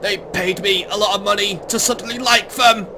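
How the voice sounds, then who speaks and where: A man's voice: high voice, fairly even intonation, moderate pace, background noise, voice pushed up, natural voice. A man voicing a dying old male Pope in a put-on Italian accent, theatrical and wailing. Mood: melodramatic. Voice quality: theatrical, wailing, rising to shouts.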